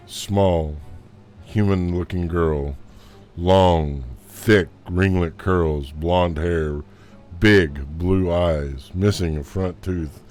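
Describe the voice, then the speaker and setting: A man running a tabletop game as game master, narrating in a slow, low-key way. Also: darkish tone.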